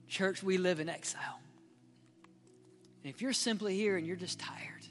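A man preaching a sermon as pastor, passionate and swinging from loud appeals to hushed, near-whispered prayer. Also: high-pitched, unhurried. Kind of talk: sermon with altar-call prayer. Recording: hall reverb with faint music.

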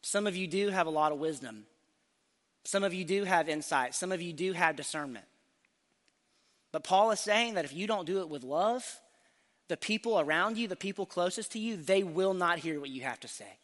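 Man, preacher, sermon, high voice, emphatic, long church reverb. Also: sharp tone. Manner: earnest, emphatic, slows for key phrases. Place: church sanctuary.

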